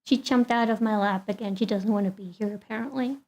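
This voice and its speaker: A woman's voice: mid-range voice, fairly quick, darkish tone, dull audio. A woman streamer chatting casually with her viewers and talking fondly to her cat.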